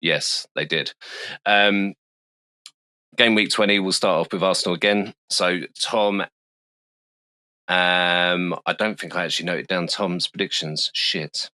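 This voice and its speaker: A man's voice: low-pitched, steady tone, a little slow, long pauses, sharp tone, clean tone, no room sound. A man with a London accent hosting a casual football podcast, swearing freely and fumbling through the results with self-mocking asides. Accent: London English. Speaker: podcast host. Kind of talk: casual chat.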